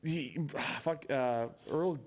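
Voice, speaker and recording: A man's voice: mid-range voice, slow pace. A young man co-hosting a podcast in casual chat, swearing often and acting out movie lines. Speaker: podcast co-host.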